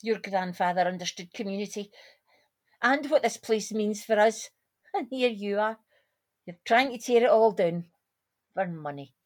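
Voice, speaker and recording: A woman's voice: mid-range voice, normal speed, pauses often, natural voice. A woman playing a blunt Glaswegian bingo regular. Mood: sharp. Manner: blunt, sharp-tongued. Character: blunt, sharp-tongued working-class bingo regular, woman. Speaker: bingo player. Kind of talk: radio drama acting.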